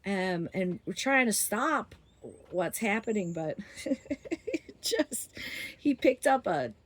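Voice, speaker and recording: A woman's voice: mid-range voice, expressive, slow. A woman casually telling a story from her youth, rambling with lots of fillers and frequent laughter.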